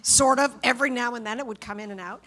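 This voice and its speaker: Woman panelist at a con, lively storyteller, bright higher register. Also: fast. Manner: animated, chatty, acts out quotes. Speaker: voice actor panelist. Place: convention panel stage.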